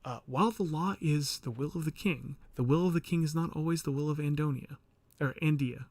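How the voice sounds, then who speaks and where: A man's voice: on the high side, a little fast, a little mellow, no room sound. A male streamer in casual livestream commentary, chatty and rambling, reading game text aloud with frequent laughter.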